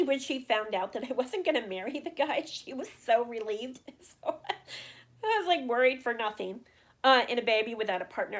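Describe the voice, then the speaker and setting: A middle-aged woman, chatting on a casual livestream and answering viewers' questions. She rambles with many fillers and restarts and talks openly about her feelings. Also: on the high side. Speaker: livestream host.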